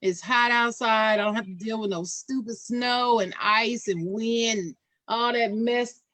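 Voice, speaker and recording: Woman host from ohio, bright voice, dry close sound, says things twice for emphasis. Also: on the high side, a little slow, dry recording. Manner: emphatic, repeats herself. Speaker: podcast host. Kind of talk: casual chat.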